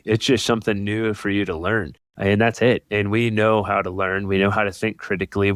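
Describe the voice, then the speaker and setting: A man's voice: on the low side, fairly bright tone, no room sound, studio quality. A man hosting a podcast, affirming his guest with enthusiasm. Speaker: podcast host. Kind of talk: conversational podcast interview.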